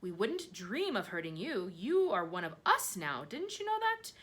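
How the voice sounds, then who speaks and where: A woman's voice: medium pitch, huge pitch swings, moderate pace, a bit bright, voice pushed up. A woman voicing a kindly, motherly female ladybird who reassures in a fluttery way for a storybook.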